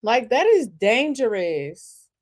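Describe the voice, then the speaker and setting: A woman's voice: on the high side, very animated, takes it slowly. Slangy, emphatic woman commentator. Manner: slangy, emphatic, talks straight to viewers. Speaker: commentary host. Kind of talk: casual reaction commentary.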